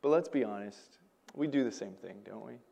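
A male pastor preaching a sermon, telling stories with animation and swinging between loud emphasis and quiet asides. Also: lowish voice, moderate pace, gravelly, husky.

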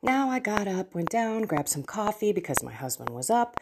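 A middle-aged woman hosting a faith podcast, talking earnestly about her prayer life with personal stories and soft asides. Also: mid-range voice, sing-song, normal speed, noisy background. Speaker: Catholic podcast host. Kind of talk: reflective faith talk.

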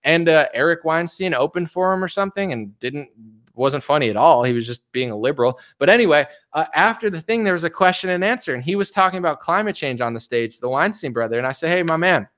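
A man's voice: fairly high pitch, fairly bright tone. A man giving a casual, rambling rant as a streamer. He often stumbles, repeats words and restarts sentences. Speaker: political commentary streamer.

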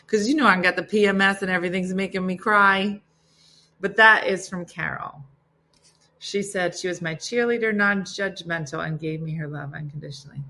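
A woman's voice: lowish voice, steady tone, normal speed, pushed and bright. A middle-aged woman hosting a morning show, chatting casually and reading listener valentines, getting emotional and teary. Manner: emotional, tearful, laughing between readings.

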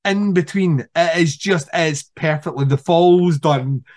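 A man in casual film talk, acting out scenes with lively voices and swearing. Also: a little high, unhurried. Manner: animated, acts out scenes, swears.

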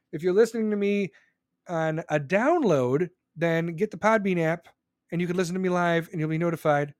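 Male podcast host, high voice, rambling profane rant, dry close mic. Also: dry recording. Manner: loud, profane and rambling, with sudden pitch jumps. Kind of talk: live podcast venting monologue. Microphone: close studio microphone.

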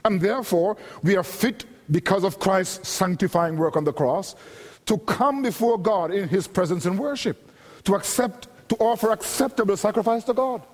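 A man preaching a sermon in a measured, emphatic way, repeating and building his phrases. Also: sits high. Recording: long hall reverb.

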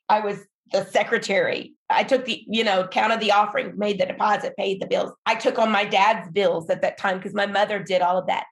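A woman's voice: mid-range voice, gravelly. A middle-aged woman, a pastor's wife, telling her story in an earnest, emphatic, encouraging way on a faith podcast. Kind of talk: faith-based podcast conversation.

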